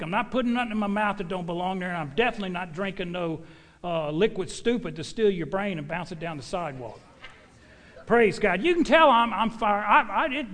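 A middle-aged man preaching a sermon with personal testimony, folksy and emphatic, swinging from loud exhortation to quiet asides. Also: sits high. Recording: long hall reverb.

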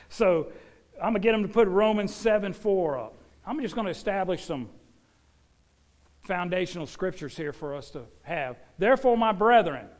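Folksy older preacher man. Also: high voice. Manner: folksy, animated preaching with asides to the congregation. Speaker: pastor. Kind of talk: sermon.

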